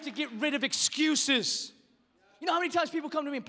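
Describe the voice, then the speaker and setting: A man preaching a sermon as pastor, impassioned, dropping to a hush and then rising to shouts, with quick repeated words. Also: very high voice, lively intonation, big-room sound, a faint crowd. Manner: impassioned preaching, swinging between hushed and shouted.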